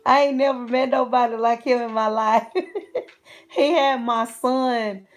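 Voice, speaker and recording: A woman's voice: fairly high pitch, takes it slowly. A middle-aged woman, chatting casually with viewers on a livestream and laughing often between phrases. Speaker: channel host.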